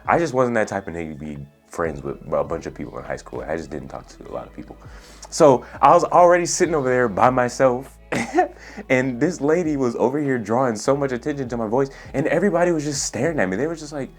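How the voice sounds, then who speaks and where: A young man in his twenties telling a story in a casual, laid-back way, using lots of slang and filler words, with a soft, soothing voice. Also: mid-range voice, sing-song, fast talker, faint music behind. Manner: laid-back, profane slang, says "bro" and "like" a lot. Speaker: storytelling vlogger. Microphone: USB studio microphone.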